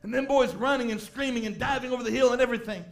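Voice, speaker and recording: Preacher guy, really high voice, tells stories then gets loud and shouty. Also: fairly even intonation, rapid-fire, creaky. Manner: storytelling preacher, rising to shouts. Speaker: pastor. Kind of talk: sermon.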